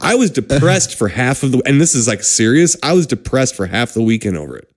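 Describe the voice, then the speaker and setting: A man co-hosting a podcast, telling a comic story in an animated, profane way that breaks into loud yelps. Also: medium pitch, a little fast. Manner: animated, profane, bursts into yelling. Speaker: podcast co-host. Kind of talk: casual comedic storytelling.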